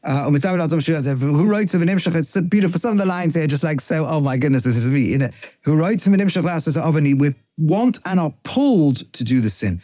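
Warm-voiced rabbi explaining a text. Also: male voice, on the high side, animated, normal speed, hardly any pauses, no room sound. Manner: reads Hebrew lines aloud, then translates and explains them; thinks aloud with frequent restarts and self-corrections. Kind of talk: text study lecture.

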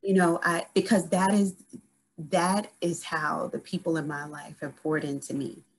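A woman guest on a podcast telling a story in casual conversation, animated and full of restarts. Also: sits low, a little slow, a little hiss or hum, poor audio.

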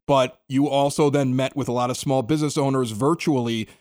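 A man hosting a podcast, telling stories in an excitable, animated way and acting out both sides of conversations. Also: mid-range voice, a little fast. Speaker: podcast host. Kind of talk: casual storytelling chat.

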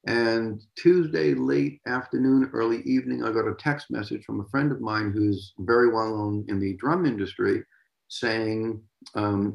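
A man in his sixties from Massachusetts, a drummer telling stories as an interview guest in an animated, lively way. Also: on the low side, measured pace, vocal fry, reverberant, rough recording. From Massachusetts, USA. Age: 60s. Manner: animated storyteller, vocalizes drum beats. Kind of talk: casual interview storytelling.

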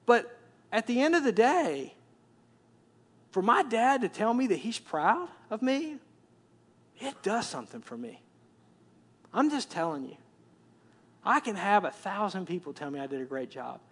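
A man's voice: high voice, big pitch swings, measured pace, pauses often. A man, preaching a conversational sermon and repeating words as he builds up. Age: 40s. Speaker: pastor.

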